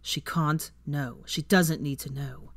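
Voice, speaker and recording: A fan fiction reader voicing a firm, secretive young man who speaks quietly, almost whispering. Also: mid-range voice, steady tone, slow pace, gravelly. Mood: firm hush.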